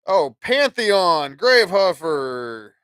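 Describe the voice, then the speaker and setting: High-pitched guy rambling and cussing on his stream, dry close sound. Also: big pitch swings, slow pace, a bit bright, clean tone, no room sound. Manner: profane, rambling, acts out dialogue. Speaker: podcast host. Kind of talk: casual livestream chat.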